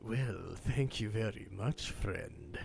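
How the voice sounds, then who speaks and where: A game master puts on a shy, overly polite tall thin man in a tabletop game. The voice drops low and soft, hushed and hesitant. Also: takes it slowly, gravelly, soft background music, full character voice. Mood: timid.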